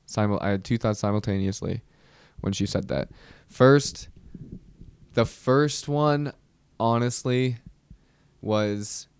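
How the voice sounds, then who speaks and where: A young man hosting a podcast, telling a comedic story with animated, exasperated outbursts. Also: fairly low pitch, takes it slowly, gravelly, long pauses, smooth, dry recording. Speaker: podcast host.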